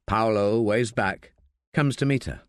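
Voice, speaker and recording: A man narrating an audiobook in a measured, expressive storytelling manner. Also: fairly low pitch, clean tone, no echo, studio quality.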